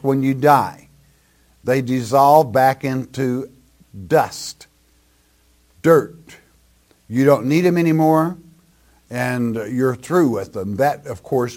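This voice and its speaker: An older man teaching a sermon verse by verse, reading scripture and then explaining it in plain, deliberate words. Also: mid-range voice, darkish tone. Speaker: preacher.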